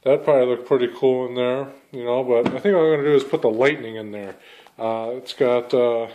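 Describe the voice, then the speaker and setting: A man's voice: mid-range voice, fairly even intonation, brisk, muffled recording, a little hiss or hum. A man hosting a casual unboxing vlog, talking in a laid-back, rambling way and swearing casually. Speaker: channel host.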